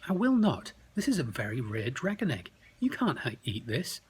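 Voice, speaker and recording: A man voicing a greedy male goblin in a bedtime story, muttering in a hushed growl. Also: medium pitch, wildly swooping pitch, moderate pace, a little hiss or hum, pitched above the performer's own voice. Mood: threatening. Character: greedy hungry male goblin, gruff and sulky.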